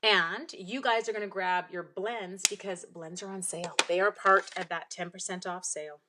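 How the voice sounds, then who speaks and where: Against some background noise, a young Canadian woman speaks at a moderate pace in a lowish, steady voice. She's hosting a casual live craft stream, demonstrating card making, rambling, reading viewer comments aloud, and breaking into bouts of coughing again and again.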